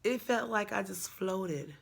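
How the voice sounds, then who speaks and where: A woman's voice: mid-range voice, lively intonation, unhurried, gravelly. A young woman telling a personal story in a casual, frank, chatty way, laughing often. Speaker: storyteller vlogger.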